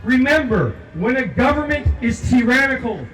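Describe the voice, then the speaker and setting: An older man giving an impassioned protest speech outdoors, declaiming repeated lines and shouting to lead the crowd in chants. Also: extremely high pitch, very animated, normal speed. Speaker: protest speaker. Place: outdoor rally at a legislature. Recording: echoey, distant from the mic, loud crowd.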